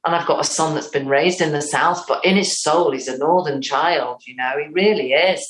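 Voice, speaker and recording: A woman in her fifties with a Northern English accent, a playwright and actor giving a lively interview and acting out lines of dialogue as she talks. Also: sits low, normal speed, echoey room, poor audio. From North West England. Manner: animated, acts out quotes.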